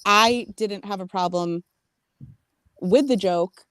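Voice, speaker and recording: A woman's voice: medium pitch, clean tone, no room sound, studio quality. Frank woman chatting on a panel. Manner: frank, swearing, quick to jump in. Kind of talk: casual panel chat.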